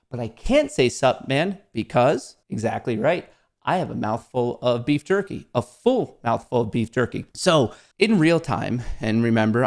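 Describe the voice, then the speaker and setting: A man hosting a show, telling a comedic personal story in a casual, self-mocking way, often jumping high in pitch for emphasis and swearing freely. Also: darkish tone. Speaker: host of a stock market show.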